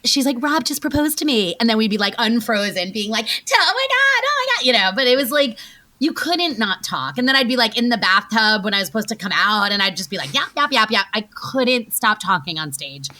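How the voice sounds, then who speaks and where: A woman in her forties tells stories in an interview, chatty and animated with lots of filler words. Her voice is bright and sits at a middle pitch. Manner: chatty, rapid, many "like"s and acted-out quotes. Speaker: guest actress. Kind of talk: casual interview storytelling.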